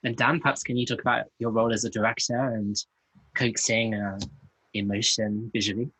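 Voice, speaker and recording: Male interviewer, husky, polite and hesitant, dry sound. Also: lowish voice, flat delivery, a little fast, a bit bright, dry recording, poor audio. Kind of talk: interview questions.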